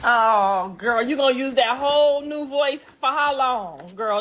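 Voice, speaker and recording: A woman's voice: sits high, lively intonation, a little slow, hardly any pauses, fairly bright tone, a little hiss or hum. A woman playfully teasing her small child in a casual clip. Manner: teasing, playful baby talk. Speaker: mother talking to her toddler. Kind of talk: playful social media clip.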